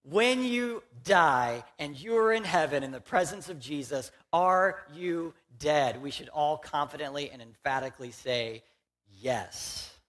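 A man's voice: fairly high pitch, expressive, normal speed, hardly any pauses, a bit bright. A young man from Houston, Texas, giving a conversational, joking sermon as a pastor in a church and talking directly to the congregation.

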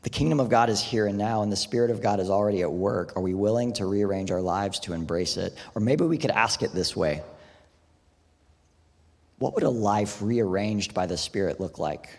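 Husky-voiced man preaching in a reverberant hall. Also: on the low side, normal speed, darkish tone. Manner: conversational, lots of "like" and "right?". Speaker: pastor. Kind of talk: sermon.

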